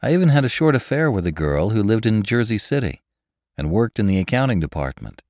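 Low, expressive male audiobook narrator. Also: no echo, studio quality. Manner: measured, expressive reading. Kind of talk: scripted narration of a classic novel.

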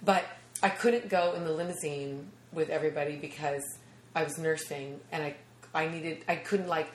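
Woman, 30s, comic guest, lively storyteller, slightly low voice, echoey room. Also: normal speed, slight background noise. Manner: animated, acts out quoted voices, laughs often. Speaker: comedian guest. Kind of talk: casual storytelling chat.

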